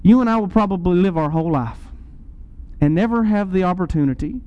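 Male preacher, high mellow voice, earnest sermon delivery with emphatic surges. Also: animated, fairly quick, muffled recording. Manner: earnest, rising to emphatic peaks.

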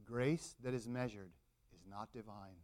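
This middle-aged man preaches dramatically, voicing the story's characters with mounting intensity. His voice is low-ish, steady and darkish in tone, and he takes his time.

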